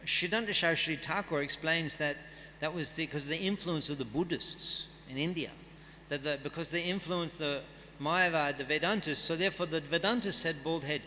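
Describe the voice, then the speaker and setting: The guest speaker at a temple festival teaches scripture in the temple hall, chanting and reading verses and then discussing them in an easy, conversational style. His slightly high voice sounds pushed and bright, with a big-room quality and a little background noise.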